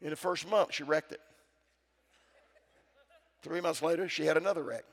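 Gravelly preacher man in a reverberant church. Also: a little high, moderate pace. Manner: preaching with call-and-response to the congregation. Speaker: pastor. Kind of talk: sermon. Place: church sanctuary. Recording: church sound with long reverb.

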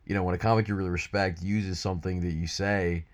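A man introducing old show clips, speaking haltingly with fillers. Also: sits low, fairly even intonation. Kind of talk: reflective clip introduction.

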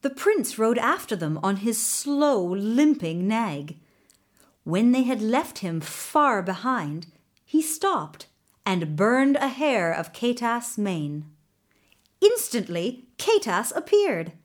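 Lady reading a fairy tale out loud, slow and sing-song. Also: medium pitch. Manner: lively voiced character reading. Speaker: storyteller. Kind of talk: storybook narration.

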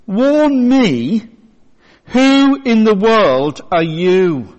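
A man's voice: high-pitched, very animated, extremely slow, darkish tone, highs cut off, exaggerated voice. A man voicing a nervous male burglar in a joke told during a sermon. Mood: startled. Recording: long church reverb.

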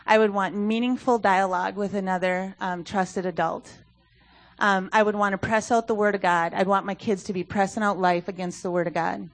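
Speaking at a moderate pace with a steady tone and medium pitch, this woman delivers a sermon talk as a youth ministry speaker. At the church service she sounds earnest and conversational, often using filler words.

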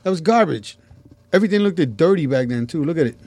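A man's voice: fairly high pitch, lively intonation, quick pace, a little mellow, no room sound. Man, co-host, blunt, profane, griping. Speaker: podcast co-host. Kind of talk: crude casual banter.

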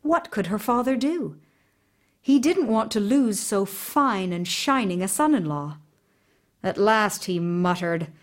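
A woman narrating a fairy tale aloud in an expressive, unhurried storytelling voice. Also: medium pitch.

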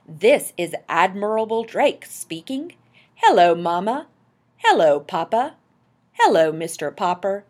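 A polar expedition admiral speaks formally over the radio in a storybook, as a woman reader puts him on. The voice is husky and lively in pitch. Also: takes it slowly. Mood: hearty. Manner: formal, announcing.

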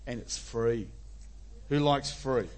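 A man's voice: medium pitch, slow, a little mellow. A man preaching a sermon as pastor, conversational and emphatic.

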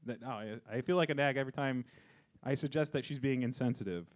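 A man's voice: mid-range voice, fast. A man hosting a comedy podcast, giggling often and stumbling as he reads listener letters aloud. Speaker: podcast host. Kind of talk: casual comedy podcast chat.

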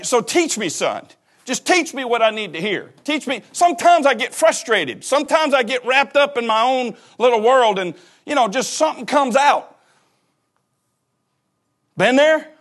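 A man's voice: extremely high pitch, expressive, normal speed, fairly bright tone. A man preaching a sermon as pastor, folksy and joking, talking straight to the congregation. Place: church.

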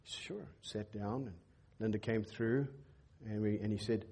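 Middle-aged male pastor, husky and mellow, animated sermon storyteller in church. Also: moderate pace. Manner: animated storyteller, acts out dialogue with lifted pitch.

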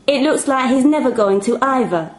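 A sassy nine-year-old girl from a storybook, stroppy and full of London attitude, as a woman narrator puts her on. She talks in a higher, slightly louder voice and grumbles under her breath. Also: lively intonation, moderate pace, roomy sound. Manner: stroppy, muttering.

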